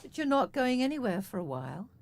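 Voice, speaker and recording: A woman voicing a polite, quietly menacing young man, in an audio drama reading. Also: a little high, sing-song, fast. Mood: polite menace.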